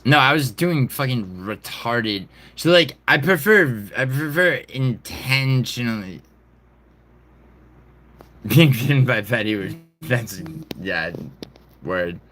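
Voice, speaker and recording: A man's voice: on the low side, sharp tone, a little hiss or hum. A man hosting a casual livestream, rambling and swearing, full of fillers and restarts. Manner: reads news reports aloud. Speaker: livestream host.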